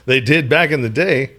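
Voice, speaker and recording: A man hosting a podcast, talking in a relaxed, blunt way with casual swearing, in a hotel room studio. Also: fairly high pitch. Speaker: podcast host. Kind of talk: casual conversation.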